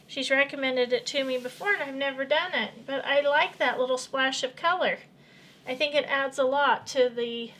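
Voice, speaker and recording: Woman hosting a home craft tutorial; friendly and talkative, a touch high-pitched, with faint background hiss. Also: sharp tone. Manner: friendly, chatty, explains as she works. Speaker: quilting channel host. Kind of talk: casual step-by-step sewing tutorial.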